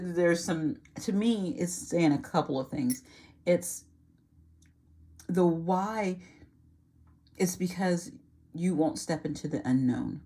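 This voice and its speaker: A woman with a lowish, slightly mellow voice gives an earnest, reassuring tarot reading to camera. She repeats phrases and sometimes trails off mid-sentence.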